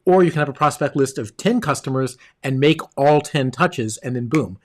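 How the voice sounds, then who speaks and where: A man's voice: medium pitch, normal speed. A man hosting a podcast interview, reflecting thoughtfully on a guest's story in casual chat. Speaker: podcast host.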